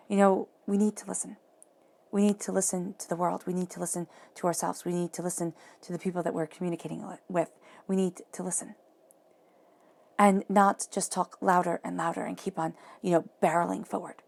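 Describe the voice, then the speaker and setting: A woman giving a monthly tarot reading, talking softly and reflectively and repeating phrases for emphasis. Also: medium pitch, vocal fry. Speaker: tarot reader.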